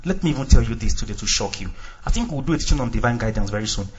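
A male pastor preaching a sermon, acting out little dialogues, swinging between shouts and quiet asides. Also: medium pitch, animated, very fast, lo-fi sound.

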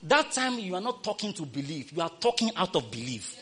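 Bright, high-voiced man preaching a sermon. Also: big pitch swings, brisk. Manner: repetitive, call-and-response preaching that swings from loud to hushed.

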